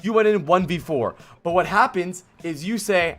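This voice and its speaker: A man streaming a gameplay vod review, blunt and exasperated, swearing and yelling at the player he coaches. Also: high-pitched, moderate pace, faint music behind. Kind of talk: livestream game vod review.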